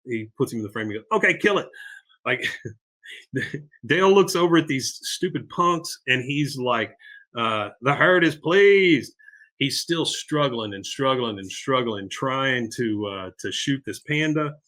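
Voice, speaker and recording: A middle-aged man recapping a cartoon episode on his podcast, rambling along with plenty of fillers. His voice is bright and forward. He keeps it loose and casual. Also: medium pitch, unhurried. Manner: rambling, with many fillers and laughs. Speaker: podcast host.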